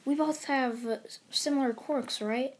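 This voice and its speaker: A woman's voice: sits high, fairly even intonation, measured pace, slight background noise. A woman voicing a cheeky teenage boy hero who talks in a casual, teasing way. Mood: curious.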